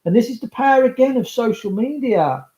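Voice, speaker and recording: High-voiced rambling Englishman, roomy sound. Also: lively intonation, brisk, warm tone. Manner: rambling, chatty, talks straight to viewers. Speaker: livestream host. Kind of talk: casual livestream monologue. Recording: roomy, slightly dull sound.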